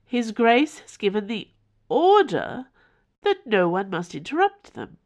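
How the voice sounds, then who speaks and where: A woman's voice: mid-range voice, very animated, unhurried, voice pushed up. A woman voicing a sentient house that speaks in a creepy, formal, plaintive tone.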